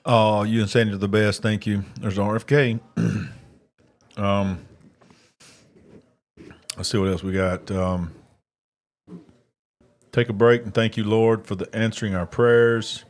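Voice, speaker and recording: A man's voice: lowish voice, steady tone, slow, pauses often. A man hosting a casual live election-night stream, chatting and eating while he reads viewer comments. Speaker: livestream host.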